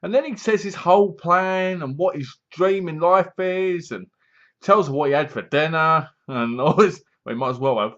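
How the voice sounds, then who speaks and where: A man's voice: a little high, normal speed, a bit bright, lo-fi sound. A man reviewing a horror film in a casual, rambling, sarcastic way. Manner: sarcastic, mocking, meandering.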